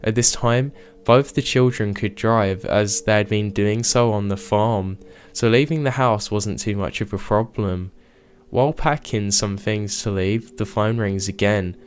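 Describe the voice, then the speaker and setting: A man reading true scary stories aloud as a narrator, in a steady, measured way. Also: fairly low pitch, a little hiss or hum. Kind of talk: scripted narration.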